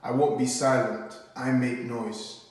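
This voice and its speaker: A man performs rhyming spoken word poetry in a calm, earnest voice. He takes each line slowly and lets it land. The sound bounces around a very echoey room, and he stands back from the mic. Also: medium pitch, distant mic.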